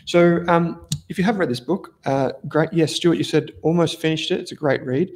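A fairly high-pitched, slightly mellow male voice at a normal pace. An Australian investment analyst hosts a casual investing livestream, chatting loosely with viewers and reading their comments. He rambles, corrects himself as he goes, and uses informal slang.

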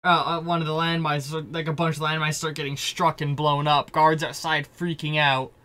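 Bright-voiced man running a tabletop game. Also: a little high, little pitch movement, moderate pace. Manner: rambling, lots of "like" and restarts. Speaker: game master.

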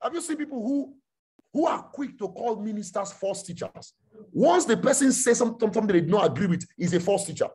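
A male preacher delivers a sermon with a lively, swooping pitch that climbs sharply when he drives a point home. His voice is slightly husky, and he keeps repeating phrases and checking that the listeners understand. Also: fairly quick. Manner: rhetorical questions, repeating phrases, rising to shouts.

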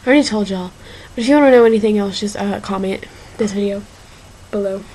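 A woman's voice: medium pitch, mellow, slightly rough, poor audio. A young woman in her teens rambling through a casual shopping haul video, with lots of fillers and y'all. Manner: slow, rambling, filler-heavy, says y'all. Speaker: vlogger.

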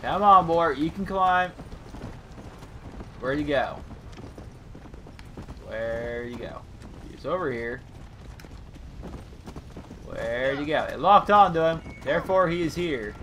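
A young man giving casual, jokey let's-play commentary, bursting into excited shouts, with his voice over the game audio. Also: fairly high pitch, takes it slowly, pauses often, a little hiss or hum. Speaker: gaming commentator. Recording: voice over loud game sounds. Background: game sounds, horse hooves.

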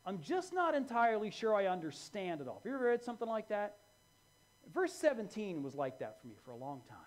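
A man preaching a sermon as pastor in a church, animated and moving between hushed and loud delivery. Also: high-pitched, fast talker.

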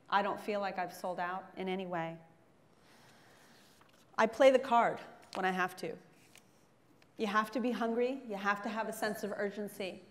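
A middle-aged woman, a chef giving a frank, joking guest lecture to students in a large hall. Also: mid-range voice. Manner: joking, frank, self-mocking asides. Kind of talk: candid motivational talk to students. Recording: long hall reverb.

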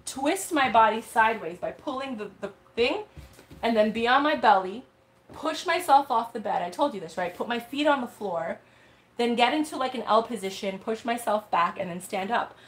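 A young woman hosting a livestream, chatting casually and telling a story with lots of slang and animated asides. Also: fairly high pitch, normal speed. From United States. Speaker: live sale host.

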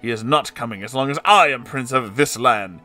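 A man's voice: mid-range voice, brisk, pushed and bright, faint music behind, close to an everyday voice. A man playing a pompous, possessive prince.

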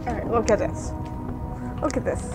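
High-voiced woman playing a video game. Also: moderate pace, music in the background. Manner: chatty, scolds the game, soothes her dog. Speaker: let's play host. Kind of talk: gameplay commentary. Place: home room.

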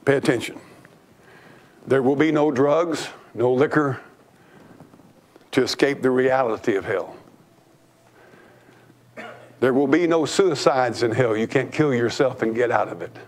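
A man preaching a sermon from the pulpit, emphatic and fervent, repeating his phrases for weight. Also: medium pitch. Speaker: pastor. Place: church.

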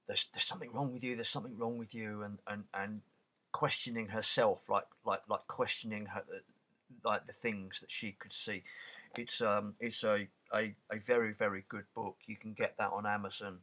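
A man's voice: on the low side, sharp tone. A man in his forties talking casually to camera, rambling, with many fillers and restarts. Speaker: channel host. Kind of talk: casual spoken commentary.

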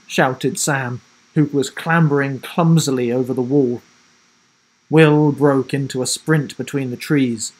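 A man reading a children's adventure story aloud, with dramatic delivery that drops low and soft for suspense. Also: fairly even intonation, slow, slightly rough, poor audio. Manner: self-corrects and rereads slips. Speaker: storybook reader.

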